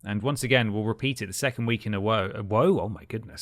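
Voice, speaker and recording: A man's voice: lowish voice, quick pace, a bit bright, dry recording. A man co-hosting a podcast, reading gaming headlines with wry, jokey asides. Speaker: podcast co-host. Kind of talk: casual podcast news chat.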